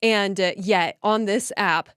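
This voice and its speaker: A woman's voice: medium pitch, slow, fairly bright tone, clear, resonant tone, no echo, clean studio sound. A woman giving indignant, emphatic political reaction commentary.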